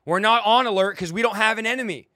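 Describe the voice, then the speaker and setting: A man's voice: sits high, quick pace, bright, forceful tone, no echo, studio quality. A young man preaching a fiery, confrontational sermon, mocking his critics and commanding listeners to fight. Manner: exhorting, commanding.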